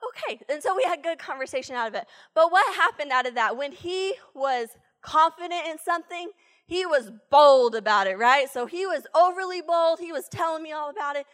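High-voiced woman telling a sermon story. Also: fairly quick, long reverb tail. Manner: animated, chatty, many "like"s. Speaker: church speaker, former teacher.

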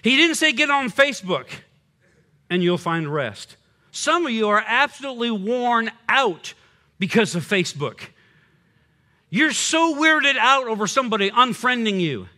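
An older man, a pastor preaching a sermon, swinging between loud punchy lines and quiet low drops. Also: big pitch swings, measured pace.

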